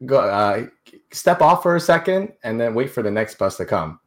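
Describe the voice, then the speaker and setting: A man's voice: medium pitch, very animated, normal speed. A young man telling a personal story in a casual chat, rambling with many restarts and repeated words. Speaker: guest telling his life story.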